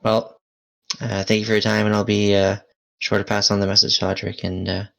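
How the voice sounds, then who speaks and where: A man's voice: fairly low pitch, level tone, a little fast, gravelly, fairly bright tone. A man playing a tabletop game, speaking politely and measuredly in character. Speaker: player.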